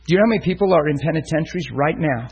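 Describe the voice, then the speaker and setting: A man's voice: fairly high pitch, lively intonation, very fast, darkish tone, husky, low-quality recording. A man preaching a sermon, telling a story and acting out the voices of the people in it. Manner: storytelling, acts out voices in quotes.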